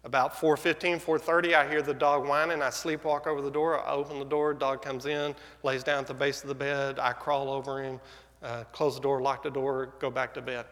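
Man, pastor, casual halting sermon storytelling, forceful tone, long hall reverb. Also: mid-range voice, level tone. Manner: conversational, halting with fillers and restarts. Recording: echoey hall sound.

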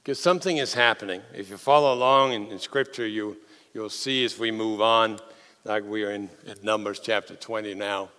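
A man, a pastor preaching a sermon, telling the story with animated swings from loud to hushed. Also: fairly low pitch, normal speed, clean tone. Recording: long hall reverb.

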